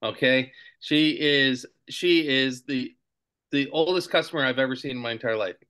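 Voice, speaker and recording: A man's voice: medium pitch, normal speed, clean tone. A man in his sixties co-hosting a casual chat, telling anecdotes and acting out the lines of the people in them. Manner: animated anecdote-teller, acts out quotes. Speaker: podcast co-host.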